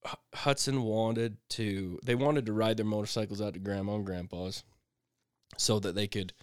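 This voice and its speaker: A middle-aged podcast co-host tells an animated, rambling story in casual chat, packed with restarts and sound effects. On a close mic with no room sound, his voice is fairly low-pitched, smooth and at a normal speed.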